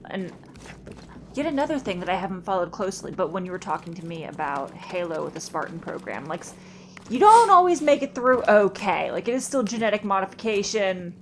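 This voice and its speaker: Female co-host, curious, teasing, very lively pitch, casual game chat. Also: brisk, a little hiss or hum. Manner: curious and teasing, asks many questions. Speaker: co-host of a gameplay channel. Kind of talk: casual let's-play chat.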